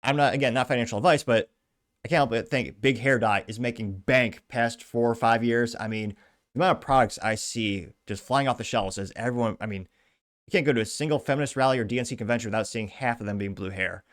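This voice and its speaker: A man's voice: medium pitch, fast, a bit bright. A male podcast host with a middle-range voice, going through headlines and viewer comments. His delivery is casual and sarcastic, full of wry asides between the quoted lines.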